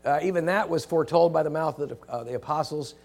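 Man preaching a hurried, emphatic sermon. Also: vocal fry, faint music behind. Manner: animated, rising to emphatic quotes then dropping low and quiet; hesitant restarts, rushed.

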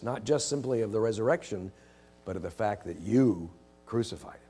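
Man preaching a hurried, emphatic sermon. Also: husky, soft background music. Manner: animated, rising to emphatic quotes then dropping low and quiet; hesitant restarts, rushed.

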